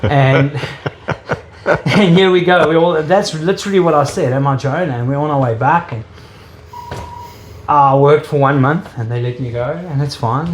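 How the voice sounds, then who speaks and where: A man's voice: fairly high pitch, moderate pace. Earnest South African man, echoey room. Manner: earnest, emotional storytelling. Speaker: interviewee. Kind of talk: personal faith testimony. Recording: echoey room with faint ambient noise.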